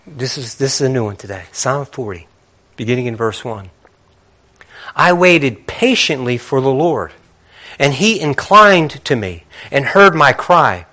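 A man preaching a sermon, reading scripture quietly and then building to emphatic, repeating rhetorical questions. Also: mid-range voice, very animated, unhurried. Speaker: pastor.

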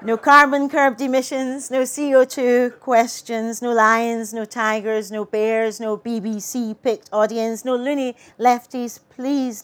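A woman reading as a blustering populist politician. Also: a little high. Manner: loud declaiming list. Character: blustering nationalist male politician boasting.

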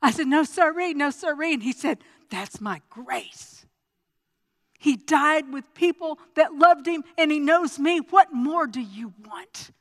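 High-voiced woman preaching in a hall. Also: normal speed, few pauses. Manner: storytelling, stammering restarts, swings from hushed to loud and impassioned. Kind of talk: sermon with personal testimony.

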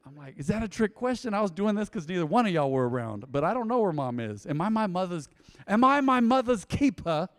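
A middle-aged male pastor preaching a sermon in an animated, conversational way, talking straight to the congregation. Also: high-pitched, brisk, long reverb tail. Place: large church auditorium.

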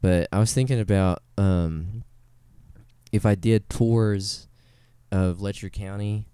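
A man's voice: fairly low pitch, takes it slowly, mellow, clear, resonant tone, no echo. A man hosting a casual podcast chat, rambling and laid-back, swearing casually, on a studio podcast microphone. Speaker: podcast host.

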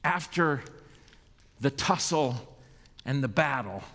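A male pastor tells a story during his sermon, unhurried and highly animated, his pitch rising and falling widely. He swings from hushed asides to loud emphasis, and a long church reverb trails every phrase. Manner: animated storyteller, dramatic shifts in volume.

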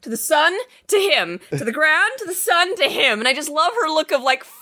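A woman chats casually as a podcast co-host, gushing about a film she loves and swearing now and then. Her voice sits on the higher side and sounds bright and crisp. Her pitch jumps around with lively energy. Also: fairly quick. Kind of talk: casual chat, movie recap.

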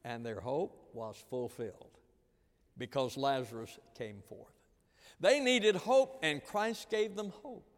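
A man preaching a sermon, earnest and repetitive, swinging from loud emphasis to hushed lines. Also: medium pitch, takes it slowly. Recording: long reverb of a large hall.

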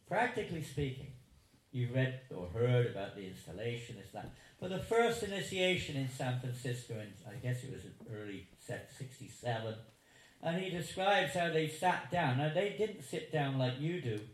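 A man in his seventies telling stories to a live audience in a chatty, chuckling, digressive way. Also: mid-range voice. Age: 70s. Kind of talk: anecdotal talk to a live audience. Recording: roomy hall echo, faint noise.

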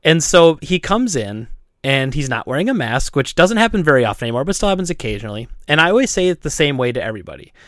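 A man's voice: on the high side, fast, dry recording, clean studio sound. A man, a store owner, chatting casually on a podcast, telling a story with laughs and acted-out voices. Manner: animated, laughing, acts out voices.

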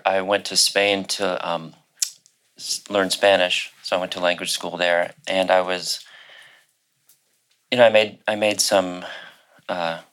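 This middle-aged man has a very low voice and tells his story in a halting, searching way. He stops often and backs up over his words, then carries on calmly as a panel guest. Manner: hesitant, many fillers and restarts, soft laughs. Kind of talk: personal storytelling in a panel talk.

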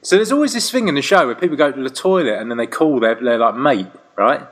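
A man's voice: mid-range voice, lively intonation, quick pace, slightly rough. A young British man chatting casually as a podcast co-host, telling stories animatedly with laughs and swearing. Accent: British English. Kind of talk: casual chat.

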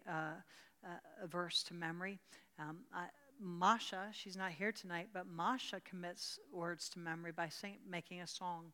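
Older woman, bible study teacher, fervent, bright crisp voice, long hall reverb. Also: on the low side. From rural Pennsylvania. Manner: fervent, repeats words, answers questions from the room. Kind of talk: teaching a church group with prayer.

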